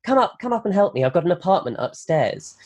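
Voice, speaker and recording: A man's voice: sits high, very animated, fast talker, pitched above the performer's own voice. A man putting on a sweet gothic temptress. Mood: sweet coaxing. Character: sweet then cruel young gothic woman.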